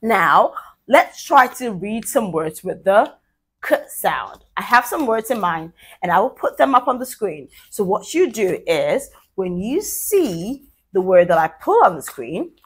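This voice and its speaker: A woman teaching a children's phonics lesson, sounding out letters slowly and praising young learners cheerfully. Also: mid-range voice, big pitch swings, slightly rough. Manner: slow, drawn-out letter sounds.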